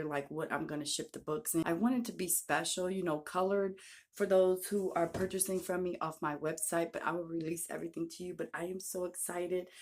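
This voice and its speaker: A woman, a YouTuber and self-published author, chatting through an excited unboxing vlog on her phone camera and gushing often. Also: lowish voice. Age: adult with a daughter. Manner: gushing and excitable, repeats "oh my gosh". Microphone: phone camera held by hand.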